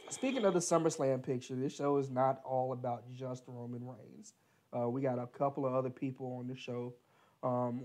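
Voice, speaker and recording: A man's voice: mid-range voice, a little mellow. A young man co-hosting a casual wrestling podcast, rambling with lots of fillers and laughing often. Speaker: podcast co-host.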